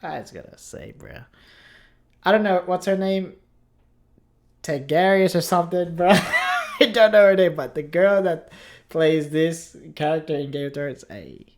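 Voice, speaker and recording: A woman's voice: deep voice, measured pace. A woman hosting a reaction video, giving laid-back, slangy commentary and laughing often. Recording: loud rap music playing behind. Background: hip hop music.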